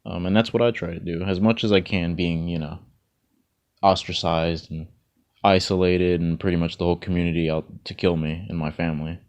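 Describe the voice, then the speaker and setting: A man's voice: low-pitched, steady tone, brisk, darkish tone, dull audio. A man talking in a casual, rambling monologue of encouragement, repeating words and chuckling often. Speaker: vlogger.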